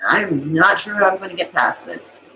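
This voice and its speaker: A woman's voice: lowish voice, lively intonation, moderate pace, pushed and bright, slight background noise, low-quality recording. A woman on a live stream, talking to her chat in a rambling, distraught way, tearful at times, with bitter laughs between thoughts. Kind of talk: emotional live-stream monologue.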